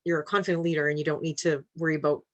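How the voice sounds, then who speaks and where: A woman hosting a webinar over a video call, reading audience questions and affirming her guest in a relaxed way. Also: deep voice, rapid-fire, lo-fi sound. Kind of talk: casual moderated webinar conversation.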